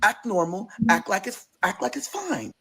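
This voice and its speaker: A man voicing his worried, tearful woman cousin as he quotes her quietly and earnestly within his story. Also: sits high, sing-song, moderate pace, creaky, slightly rough, pitched above the performer's own voice, full character voice. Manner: hushed, earnest warnings.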